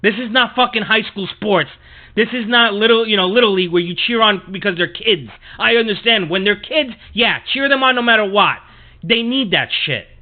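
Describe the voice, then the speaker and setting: A man hosting a sports podcast, swearing often and ranting heatedly in a monologue. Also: sits high. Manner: profane, heated, repetitive ranting. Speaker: podcast host. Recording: tinny phone-like audio.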